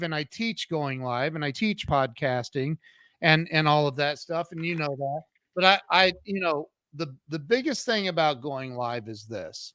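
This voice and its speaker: Animated high-voiced man telling a story. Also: no room sound. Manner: animated, talks fast, acts out quoted dialogue. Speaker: podcast guest, social media coach. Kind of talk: energetic storytelling interview.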